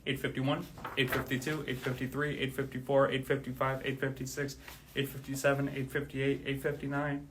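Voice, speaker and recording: A man speaks casually on a livestream, his voice level and monotone. He sounds out of breath after a long stretch of counting. A faint background noise sits under the recording. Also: mid-range voice, brisk. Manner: steady counting, then grateful rambling. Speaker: drummer streaming live.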